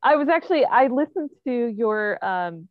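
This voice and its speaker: A woman's voice: fairly high pitch, no echo. A woman in her thirties, a podcast guest, chatting casually and fondly with an old friend, laughing easily. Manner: lively, nostalgic, quick to laugh. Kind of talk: casual chat. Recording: dull, dry sound.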